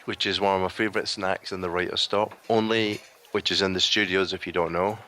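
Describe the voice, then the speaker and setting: A man co-hosting a podcast, chatting in a dry, deadpan way. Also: deep voice, brisk. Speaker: podcast co-host. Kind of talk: casual chat.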